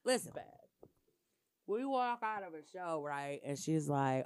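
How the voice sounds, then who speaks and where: A woman in casual chat, telling animated, profane stories. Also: low-pitched, unhurried, smooth, dry recording, studio quality.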